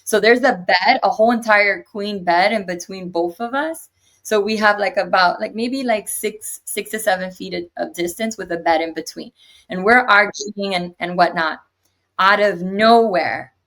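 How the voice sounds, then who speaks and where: A young adult woman, an interview guest, retelling a personal story in an animated way and acting out what others said. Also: mid-range voice, measured pace. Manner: animated retelling with acted quotes.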